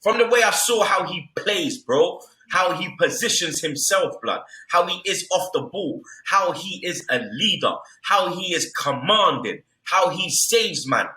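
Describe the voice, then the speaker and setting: Young guy ranting about football, super bright voice, all over the place pitch-wise, echoey room. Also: expressive, unhurried, few pauses. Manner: loud, swearing, repeats street slang tags. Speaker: football podcast co-host. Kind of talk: heated casual football banter.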